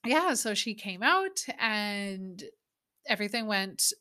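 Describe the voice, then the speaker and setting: A woman with a bright, clear voice, chatting through her story in a loose, unscripted way. She is blunt and candid, swears without a second thought and fills her sentences with "like.". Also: medium pitch, big pitch swings, slow pace. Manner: candid and chatty, swears freely, many fillers of "like". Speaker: mother telling her birth story. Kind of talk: casual storytelling.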